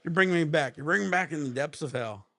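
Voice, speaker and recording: A man's voice: fairly high pitch, fast talker, bright, forceful tone. A man hosting a casual livestream, chatting with viewers, laughing a lot and breaking into profane rants. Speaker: livestream host.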